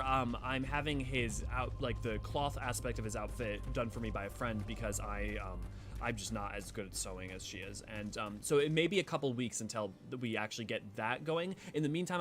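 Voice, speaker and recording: A man chatting casually on his livestream, rambling with fillers and restarts between reading game dialogue aloud. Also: medium pitch.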